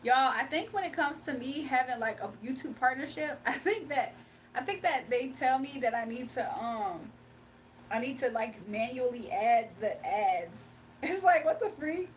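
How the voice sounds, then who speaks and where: A young woman with a high voice talks casually to her stream viewers, laughing a lot and now and then singing a few lines. She sits a little back from the mic, and faint background noise runs under her voice. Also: moderate pace. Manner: chatty, laughing, breaks into song. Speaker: live streamer. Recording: slightly distant mic with faint room noise.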